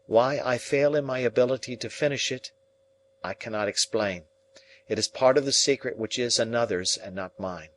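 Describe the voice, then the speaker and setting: A man's voice: mid-range voice, normal speed, slight background noise, natural voice. A man reading an earnest, lovesick young man who speaks in a pleading, heartfelt way.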